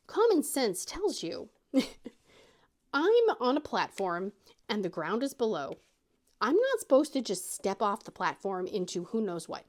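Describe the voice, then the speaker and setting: On her craft channel, a middle-aged host tells a story in a relaxed, chatty way and acts out quotes with a squeaky high voice. Her delivery is sing-song and moderately paced.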